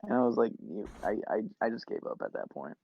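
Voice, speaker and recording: A man's voice: fairly low pitch, big pitch swings, a little fast, gravelly, husky. A young man and podcast co-host telling a long casual story, full of filler words and acted-out quotes. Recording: dull lo-fi podcast mic.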